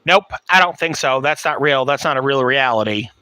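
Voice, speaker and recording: A woman's voice: rumbling low, lively intonation, moderate pace, bright, forceful tone, no room sound, exaggerated voice. A man voicing a condescending female schoolteacher who speaks curtly in a raised voice. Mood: dismissive. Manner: curt, brushing off.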